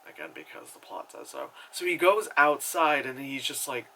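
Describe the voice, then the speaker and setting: A man's voice: medium pitch, sing-song, moderate pace, bright, forceful tone, low-quality recording. A man giving a casual, rambling movie review, full of fillers, sarcasm and swearing.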